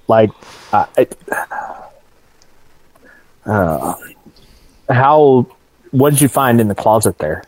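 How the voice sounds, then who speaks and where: A man playing a tabletop roleplaying game, talking in a slow, wry drawl. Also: mid-range voice, lively intonation, dry recording, low-quality recording. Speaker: player.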